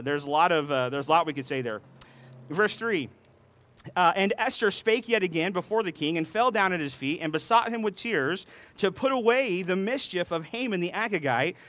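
A man's voice: high voice, lively intonation, moderate pace, a bit bright, dry recording. A man preaching a sermon, retelling a scripture story with playful voiced dialogue between readings. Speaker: pastor.

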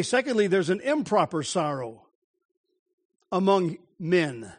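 A man preaching a morning sermon, telling scripture stories dramatically and slowing down to stress key words. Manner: dramatic storytelling, slowing and dropping low for emphasis.

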